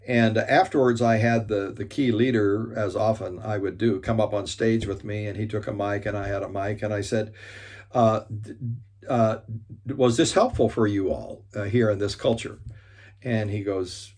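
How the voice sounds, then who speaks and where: A man telling a story in a talk, acting out the dialogue with lively energy and frequent restarts. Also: on the low side, moderate pace. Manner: animated storyteller, acts out quoted dialogue. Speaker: speaker and leadership teacher.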